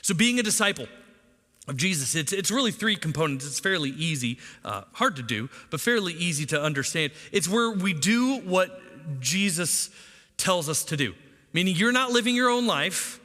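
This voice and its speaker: Middle-aged guy pastor preaching, kinda high bright voice, long church reverb. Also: sing-song, normal speed. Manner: conversational preaching with rhetorical questions. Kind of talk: sermon. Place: church sanctuary.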